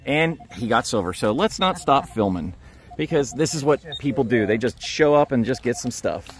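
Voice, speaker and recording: An upbeat man narrates casually as he works a dig site outdoors. He cheers his friends on at a middle pitch, and his talk is loose and unscripted. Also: lively intonation, moderate pace. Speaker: metal detecting vlog host.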